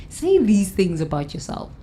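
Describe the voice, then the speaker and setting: A woman hosting a guided breathing session and self-help talk, counting breaths slowly and soothingly, with loud sighs. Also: medium pitch, big pitch swings, slight background noise. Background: faint instrumental music.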